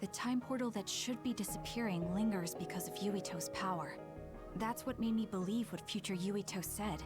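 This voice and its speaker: An actress voicing a hesitant, apologetic young woman who leads her team in a video game, speaking in halting bursts. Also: medium pitch, lightly acted. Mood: uneasy. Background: game music.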